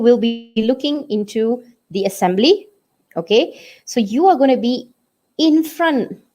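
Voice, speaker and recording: Speaking in a high-ish, mellow voice, a female English teacher with a Malaysian English accent runs a classroom lesson. She keeps checking on her students, often asking "okay?" or "did you get it?"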